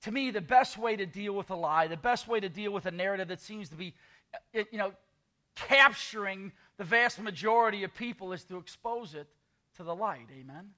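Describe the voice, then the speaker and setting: A man's voice: high-pitched, normal speed, bright, forceful tone. A man preaching a sermon as pastor, with sarcastic asides and quoted scripture.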